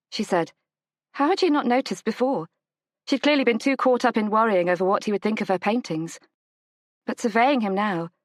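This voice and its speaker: A woman narrating a romance audiobook in a measured, gentle storytelling manner. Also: no room sound. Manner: measured, gentle storytelling, lifts pitch for the heroine's lines. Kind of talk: scripted narration of a romance novel.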